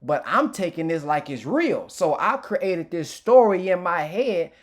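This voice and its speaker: A man's voice: high voice, very animated, a little slow. A man giving an informal, emotional personal testimony as a motivational speaker, candid and reflective, often restarting his sentences.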